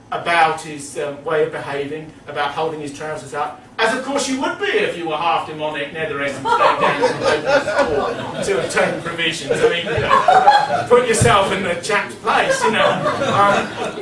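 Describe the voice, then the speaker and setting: A man giving a rambling, digressive talk at a meeting, full of asides and chuckles. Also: on the high side. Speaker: speaker at a meeting. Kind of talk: lecture-style speech. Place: meeting room. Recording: echoey hall, distant mic, background noise.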